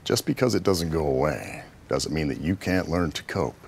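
A deep gravelly sergeant major, gentle and encouraging, faint noise. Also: male voice, lively intonation, normal speed, full character voice. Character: supportive older male sergeant major living with PTSD.

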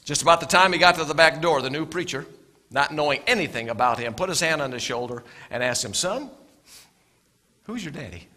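In a fast, fairly high voice, a middle-aged male pastor tells stories through his earnest sermon. Repetition comes often, as do soft asides.

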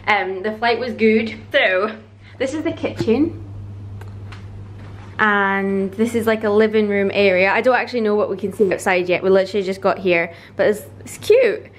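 A woman's voice: medium pitch, moderate pace, a little hiss or hum. Chatty young woman vlogging. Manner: chatty, excitable, laughs often. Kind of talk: casual vlog chat to camera.

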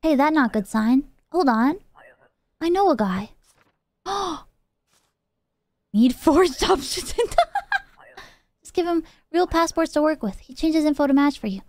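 A woman's voice: sits high, animated, measured pace, pauses often, darkish tone, no room sound. A woman reading the lines of a friendly male smuggler from a video game, in choppy broken English.

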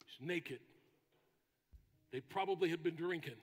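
A man preaching a sermon as pastor, with dramatic pauses and bursts of shouting. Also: fairly high pitch, slightly rough, big-room sound, soft background music. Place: church sanctuary.

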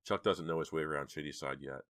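A man's voice: a bass voice, quick pace, fairly bright tone, no echo, studio quality. A man doing an anxious, sensible teenage girl. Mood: worried. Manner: worried, pleading.

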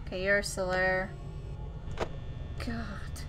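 A woman's voice: medium pitch, fairly even intonation, drawn-out words, pushed and bright, a little hiss or hum. A woman hosting a horror game video, nervously talking to herself and to the game's characters. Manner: jittery, talks to the game's characters, nervous self-talk. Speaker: gaming video host.

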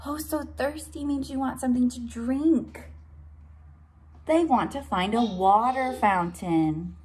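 A teacher reading a picture book aloud to young children, pausing to explain words and point at the pictures. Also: female voice, on the high side, a little mellow, slight background noise.

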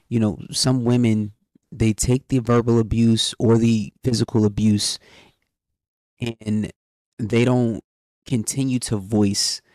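A man's voice: on the low side, a little mellow, no room sound. Laid-back man hosting a podcast. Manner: laid-back, slangy, rambling with fillers. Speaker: podcast co-host. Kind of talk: casual conversational podcast.

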